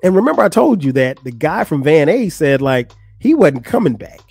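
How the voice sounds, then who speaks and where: This male podcast host, slightly rough-voiced and at a moderate pace, tells an amusing story casually. He animates it by acting out quoted people in a higher pitch, and there's no echo.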